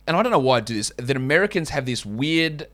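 Talking fast in a mid-range, sing-song voice with a slightly bright tone, an Australian man runs his solo fantasy basketball podcast. Expect casual, blunt opinions and occasional swearing.

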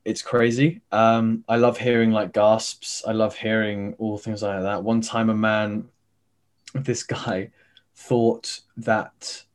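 A man's voice: fairly low pitch, little pitch movement, takes it slowly. A man, a stage actor, chatting as an interview guest over a video call, rambling with many fillers and restarts.

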